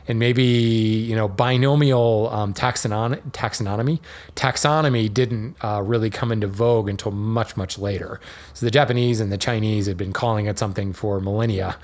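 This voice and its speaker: A man at an ordinary middle pitch, talking through a subject in a relaxed podcast monologue. He wanders off on tangents, trips over a word now and then, and chuckles at himself as he goes. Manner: chatty and digressive, with fillers and small laughs. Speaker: podcast host. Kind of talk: casual explanatory monologue.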